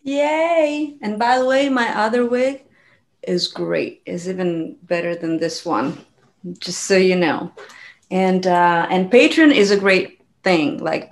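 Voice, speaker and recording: A woman musician, a guest on a live interview, talking in an easygoing, rambling way with fillers and soft laughs. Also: fairly low pitch. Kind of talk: casual interview chat.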